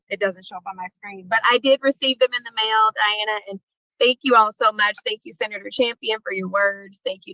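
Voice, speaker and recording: Woman, emotional, laughing, informal thank-you speech, video call, bright voice, dry sound. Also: medium pitch, no room sound, rough recording. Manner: warm, laughing often, informal. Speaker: award recipient.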